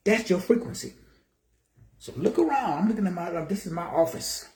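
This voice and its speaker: A man's voice: sits high, animated, moderate pace, a little mellow, roomy sound. A man in his sixties from Texas giving a motivational talk in his office, preaching with rhetorical questions and greeting viewers by name. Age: 60s. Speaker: motivational speaker.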